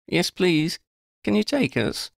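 A man's voice: high-pitched, sing-song, takes it slowly, creaky, dry recording, clean studio sound, voice pushed up, full character voice. A man reading the lines of a bold, wry young witch in an audiobook story.

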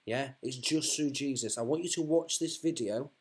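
A man's voice: medium pitch, moderate pace, husky. A man, preaching fervently to one listener, often repeating himself and restarting his sentences.

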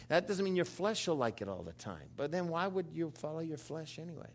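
A man in his fifties preaching a sermon, calling on the congregation to respond, dropping to low murmurs and rising to loud, high exclamations. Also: lively intonation, brisk, few pauses. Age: 50s. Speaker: pastor.

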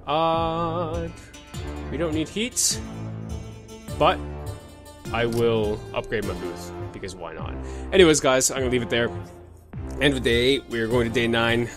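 A man's voice: medium pitch, measured pace, long pauses, music in the background. A man hosting a let's play, joking crudely and muttering names and numbers while he plays. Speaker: gaming channel host.

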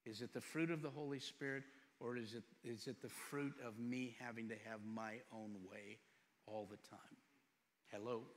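A pastor in his fifties preaching a sermon, firing rhetorical questions and swinging between loud and soft. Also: mid-range voice, fairly even intonation, moderate pace. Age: 50s. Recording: long reverb in a church hall.

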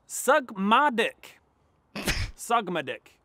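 A woman playing a weary female town greeter in a fantasy game, deadpan and exasperated. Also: mid-range voice, very slow, no room sound, heavily acted.

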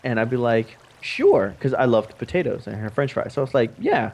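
A young man casually telling a family story on a vlog, animated and swearing often. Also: mid-range voice, a little fast, slight background noise. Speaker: vlog co-host.

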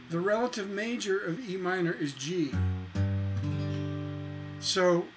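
A man's voice: sits high, poor audio. A man teaching songwriting in a casual lesson, musing aloud as he works through chords on guitar. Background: acoustic guitar playing.

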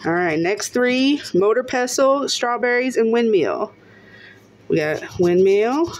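A woman narrating casually as she scratches lottery tickets, often breaking into excited exclamations and laughter. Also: a little high, takes it slowly.

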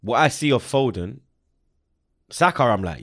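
A young man talks football in casual, animated banter. He is full of slang and swearing, and laughs freely. His mid-pitched voice is recorded close and dry. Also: a little slow, no room sound. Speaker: football channel host.

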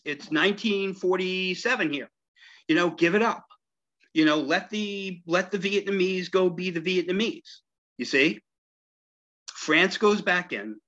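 A man's voice: on the high side, sharp tone, muffled recording. A man giving a conversational history lecture at a library, with frequent "right?" and "you see?" asides to his listeners. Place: public library meeting room.

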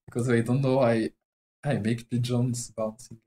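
Halting French-accented man chatting. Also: medium pitch, steady tone, mellow, a little hiss or hum, low-quality recording. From France. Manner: halting and chatty, often searching for words. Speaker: animator streaming live. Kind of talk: casual live-stream chat while drawing.

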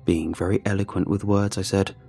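A man reading a first-person horror story in a scripted, even, conversational narration. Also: low-pitched, brisk, vocal fry, faint music behind.

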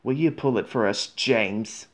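A man voicing a kindly male railway boss, who speaks with quiet authority. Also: mid-range voice, measured pace, natural voice. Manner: kindly, commanding.

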